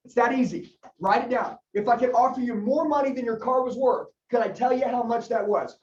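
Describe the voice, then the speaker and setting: A man's voice: extremely high pitch, darkish tone. A man leading a sales training session, coaching with emphatic repetition and acting out talks with customers. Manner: fast, emphatic, coaching, repeats key phrases. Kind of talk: energetic sales training talk with role-played customer dialogue. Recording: roomy, distant, slightly dull sound.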